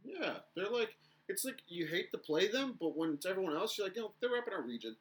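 A young man co-hosting a casual podcast chat, telling stories in an animated way and acting out the shouting. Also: high voice, fast talker. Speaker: podcast co-host.

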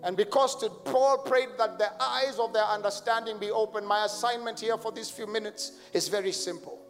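A man preaching a sermon at a large crusade, building to fervent shouts and leading the crowd in call and response. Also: high-pitched, normal speed. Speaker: pastor. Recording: long stadium reverb with music behind.

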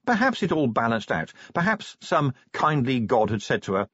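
Husky, wry male audiobook narrator. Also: mid-range voice, very animated, normal speed, hardly any pauses, fairly bright tone, no room sound, lo-fi sound. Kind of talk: scripted comic narration.

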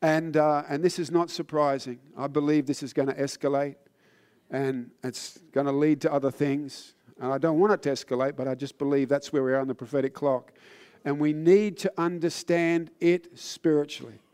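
A man preaching with a voice pitched a little high. He speaks earnestly and sounds a little tired. His sermon climbs into fervor and then sinks to low, solemn exhortation. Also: steady tone, moderate pace, darkish tone, clear, resonant tone. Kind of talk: sermon with personal testimony.

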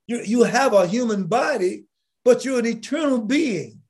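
A bishop preaching with fervor, asking the listeners rhetorical questions and bursting into shouted emphasis. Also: male voice, very high-pitched, expressive, normal speed, slightly rough. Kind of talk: impassioned preaching.

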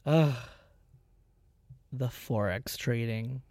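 A man in his twenties hosting a podcast, chatting casually in an animated, dramatic way with plenty of swearing. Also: mid-range voice, extremely slow, no echo. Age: 20s. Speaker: podcast host. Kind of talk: casual chat.

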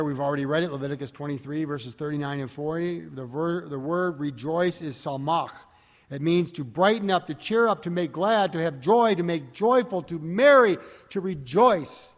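Casting: man preaching, fairly high voice, long hall reverb, reads verses with lift. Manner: reads scripture aloud with rising emphasis, digresses and corrects himself. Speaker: pastor. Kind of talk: sermon.

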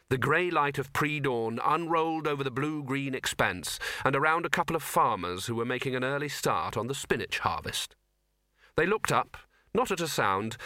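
Bright-voiced male audiobook narrator. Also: mid-range voice, dry recording, clean studio sound. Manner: wry, expressive storytelling. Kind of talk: scripted narration.

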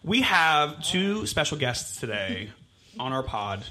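A man co-hosts a laid-back podcast recorded in a basement. His tone is bright and playful, and he trades quick banter with his guests over faint background noise. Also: fairly high pitch, big pitch swings. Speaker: podcast co-host. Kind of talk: casual chat.

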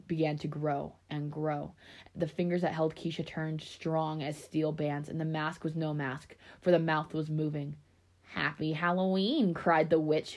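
A woman's voice: low voice, darkish tone. A woman reading a spooky children's story aloud, with small slips and restarts. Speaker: reader of scary stories.

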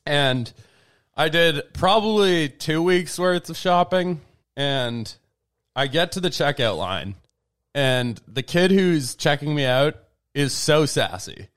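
A man's voice: on the high side, slow, clear, resonant tone. A man co-hosting a casual home podcast, telling rambling stories and mimicking the people he quotes. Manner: rambling storyteller, animated when quoting people. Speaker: podcast co-host. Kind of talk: casual chat. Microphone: desk mic in a home setup.

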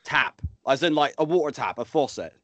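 Podcast host, mid pitch, dry close mic, blunt and sweary. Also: male voice, expressive, brisk, a bit bright, no echo. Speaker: podcast host presenting the news. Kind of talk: casual chat.

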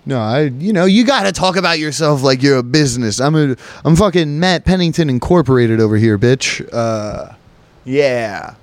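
A man's voice: mid-range voice, normal speed, no echo. Profane, rambling man. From United States. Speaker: podcast host. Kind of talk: casual solo podcast monologue.

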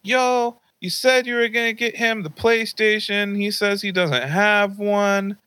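A man doing his fuming mother, voice pitched way up. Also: steady tone, measured pace, sharp tone, smooth, no echo. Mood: indignant. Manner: raised, indignant, profane. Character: angry mother yelling at her husband.

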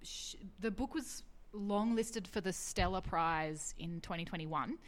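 A woman on a book chat show, talking through a book with many pauses and restarts. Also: on the low side. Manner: hesitant, many ums and restarts. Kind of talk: casual radio chat.

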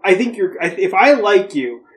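Guy cohost, kinda high voice, sarcastic and jokey, swears a bunch. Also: sing-song, moderate pace, poor audio. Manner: joking, sarcastic, swears freely. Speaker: podcast co-host. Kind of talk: casual storytelling chat.

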